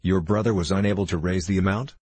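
A man's voice: deep voice, fairly even intonation, fast, darkish tone, husky, dry recording. A man reading a curt, businesslike rent agent.

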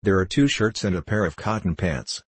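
A man doing a gruff, rough peasant stepfather. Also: low-pitched, moderate pace, dry recording. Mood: surly. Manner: harsh, threatening.

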